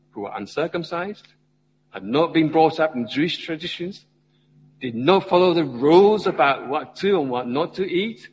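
The audio has a long reverb tail, muffled highs and slight background noise as a man from the church preaches. Slightly high-voiced, this lay preacher keeps asking the congregation questions, his emphasis swelling and dipping.

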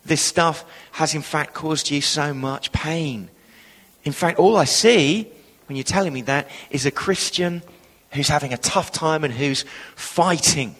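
A man preaching a sermon, telling a story with lively acted-out voices. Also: on the high side. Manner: animated storytelling, acting out quoted voices. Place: church hall. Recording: long reverb of a church hall.

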